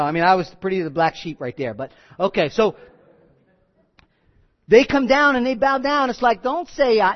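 A man preaching a sermon in a conversational, animated way, with frequent asides. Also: high-pitched, normal speed, dull audio. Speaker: pastor.

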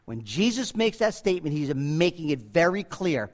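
A man preaching a sermon to his congregation, swinging from loud, emphatic peaks to quiet asides. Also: a little high, big pitch swings, a little fast, hardly any pauses. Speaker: pastor. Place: church.

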